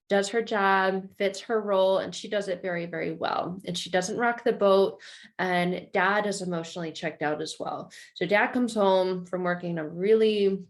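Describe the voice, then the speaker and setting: A woman presenting a casual spoken explanation, animated, often repeating words and addressing the listener directly. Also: mid-range voice.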